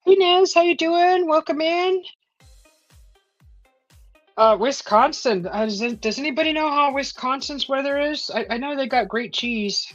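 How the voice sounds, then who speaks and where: A woman's voice: high-pitched, lively intonation, measured pace, no room sound. Chatty woman hosting a home livestream. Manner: chatty, rambling, many "uh" fillers, laughs often. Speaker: livestream host. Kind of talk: casual livestream chat, reading viewer comments. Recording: dull lo-fi stream audio, faint music.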